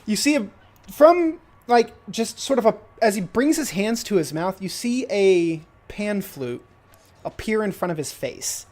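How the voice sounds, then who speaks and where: A man's voice: high-pitched, animated, a little slow, a little mellow. A young man narrating as game master, casual and hesitant, with many fillers.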